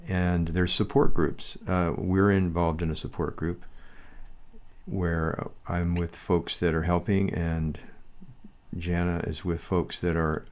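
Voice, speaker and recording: An older man co-hosting a candid podcast, talking in a steady, thoughtful, plain-spoken way. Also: low-pitched, slow pace. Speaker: podcast co-host, husband.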